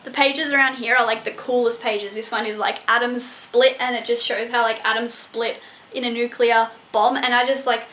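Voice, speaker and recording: A young woman reviewing a book in a casual vlog, excitable and gushing, full of "like" and swearing. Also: on the high side, normal speed, slight background noise. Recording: echoey room.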